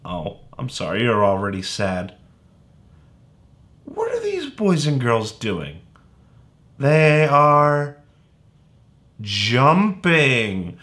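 A man's voice: on the low side, huge pitch swings, extremely slow, pauses often, fairly bright tone. A man teaching young children phonics in a playful way, sounding out words letter by letter. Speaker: kindergarten teacher.

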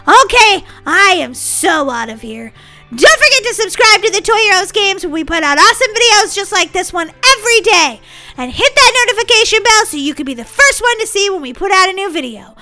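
A woman's voice: very high-pitched, very animated, fairly quick, bright, forceful tone, soft background music. A woman hosting a gaming channel, giving bubbly, giggly, silly let's-play commentary.

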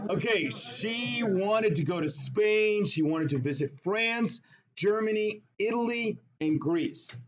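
Animated, jokey male chemistry teacher. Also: high-pitched, takes it slowly. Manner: animated, jokey, asks the class questions. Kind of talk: classroom lecture with storytelling.

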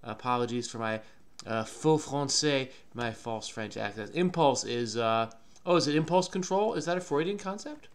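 Man, mid pitch, smooth resonant voice, unhurried puzzle solver thinking aloud. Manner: calm, musing, often trails off unsure. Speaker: crossword solver, channel host.

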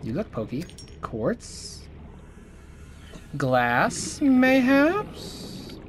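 A young man giving excitable, jokey let's play commentary and chatting to the creatures on screen. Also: mid-range voice, measured pace, a little hiss or hum. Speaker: gaming channel host. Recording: game music running underneath.

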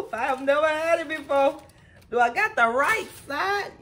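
Chatty high-voiced woman food vlogger. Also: lively intonation, moderate pace, a bit bright. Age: adult with a son. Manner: chatty, keeps addressing viewers as y'all. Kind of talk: casual eating vlog.

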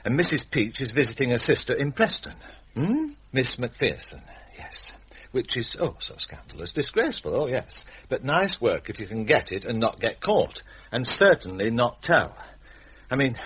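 An actor playing a middle-aged village doctor, dry and sardonic, irritated at being called out at night. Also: male voice, mid-range voice, very animated, normal speed, husky, dull audio. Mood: weary.

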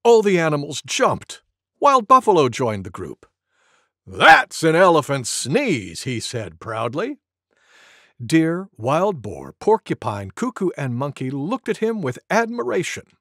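A storyteller reading a children's picture book aloud with an expressive, animated delivery. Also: medium pitch, measured pace, no room sound, studio quality. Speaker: storybook narrator.

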